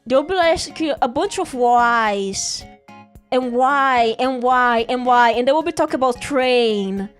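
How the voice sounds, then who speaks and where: A woman's voice: high-pitched, expressive, takes it slowly, faint music behind. A woman streaming, chatting and rambling through a story in English, laughing often. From Brazil. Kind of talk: casual rambling stream chat.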